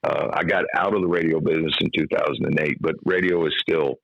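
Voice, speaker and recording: A man's voice: rumbling low, fairly even intonation, quick pace, gravelly, no echo, highs cut off. A middle-aged man from Kentucky with a trained radio voice, telling stories casually in an interview. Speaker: guest, comic hypnotist and former radio DJ.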